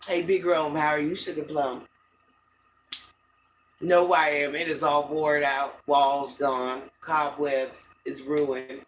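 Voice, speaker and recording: A woman's voice: low voice, flat delivery, a little slow, slight background noise, rough recording. An older woman hosting a casual livestream from home, chatting with viewers and greeting them with pet names. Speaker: livestream host.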